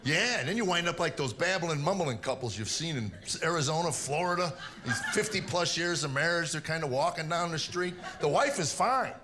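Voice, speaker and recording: Man in his 60s, stand-up comic, dry storyteller, high-ish voice, live room with loud laughter behind. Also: lively intonation, fairly quick, few pauses, noisy background. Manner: dry storytelling with acted-out quotes. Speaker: stand-up comedian. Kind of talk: stand-up routine. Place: comedy stage with a live audience.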